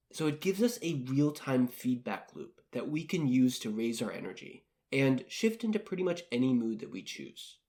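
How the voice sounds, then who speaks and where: A man hosting a self-help podcast, talking in a calm, gently coaching way and repeating phrases to guide the listener. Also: mid-range voice. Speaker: podcast host.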